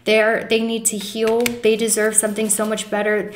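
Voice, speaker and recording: A woman's voice: medium pitch, monotone, normal speed, reverberant, slight background noise. A woman giving a pick-a-card tarot reading, speaking earnestly and emotionally to her viewers and reassuring them often. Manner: many fillers and restarts, addresses viewers as guys. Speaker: tarot reader.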